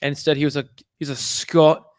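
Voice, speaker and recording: Male co-host, loose and rambling, slightly high voice, recorded dry and close. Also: little pitch movement, moderate pace, no echo. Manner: rambling, hesitant, self-correcting. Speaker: podcast co-host. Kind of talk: casual chat.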